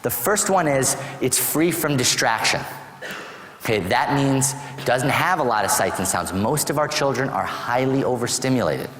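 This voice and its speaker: Male seminar presenter, lively storyteller voice, echoing hall with a long tail. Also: medium pitch, moderate pace. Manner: animated storyteller acting out parent dialogues. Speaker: autism program presenter. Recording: echoey hall with long reverb.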